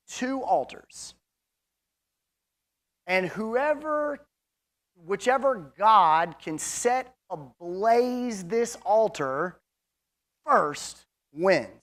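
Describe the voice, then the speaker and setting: A man's voice: high voice, a bit bright. Man teaching a casual Bible class. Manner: conversational, chatty, with asides and fillers; reads scripture aloud between comments.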